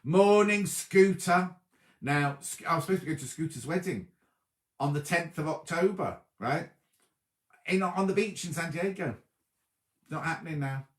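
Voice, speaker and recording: A man's voice: fairly high pitch, normal speed. Chatty man on a roomy live stream. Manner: chatty, lively, reacts to live comments. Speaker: host of a sewing livestream. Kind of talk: casual chat reading viewer comments. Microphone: laptop or tablet on a video stream.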